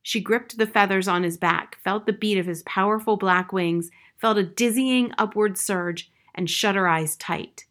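A woman's voice: medium pitch, a bit bright. Woman reading a children's novel aloud. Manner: measured storytelling narration. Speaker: audiobook reader.

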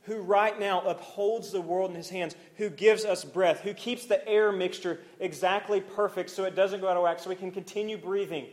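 A young male pastor delivers an earnest sermon in a slightly raised voice. He builds to swelling, emphatic passages, then drops to soft, near-hushed lines. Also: sits high, steady tone, normal speed, hardly any pauses. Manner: earnest, swings from rising intensity to near-hushed softness.

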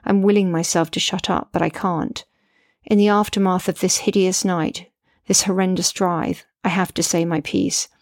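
A woman's voice: fairly low pitch, level tone, moderate pace, no echo, clean studio sound. A middle-aged woman, a mother, narrating her memoir in an earnest, reflective way.

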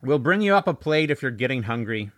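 A man voicing a weary, grieving father in an audiobook, speaking flatly and matter-of-factly. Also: mid-range voice, fairly quick.

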